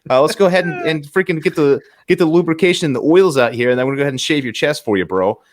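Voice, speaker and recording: A man's voice: a little high, very fast, pitched above the performer's own voice, natural voice. A man voicing a hulking undead masked slasher who mockingly taunts his victims in a rambling, cocky way.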